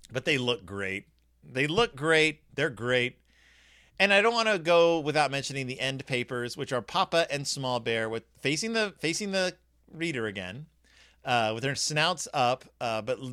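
Animated, jokey man reviewing a storybook. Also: mid-range voice, no room sound, studio quality. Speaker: YouTube book reviewer. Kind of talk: casual book review.

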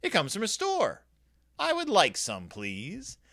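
A man's voice: high voice, huge pitch swings, takes it slowly, bright, forceful tone, no echo, clean studio sound, voice pushed up, heavily acted. A man voicing a proud, stubborn father bear from a storybook.

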